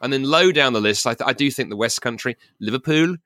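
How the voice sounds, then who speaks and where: A man's voice: medium pitch, sharp tone, no echo, studio quality. A man from South London with a Received Pronunciation English accent, co-hosting a podcast in a playful, chatty way, full of restarts and asides. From South London, England. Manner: rapid, chatty, many restarts and "you know"s, playful. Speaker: podcast co-host. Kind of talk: casual chat.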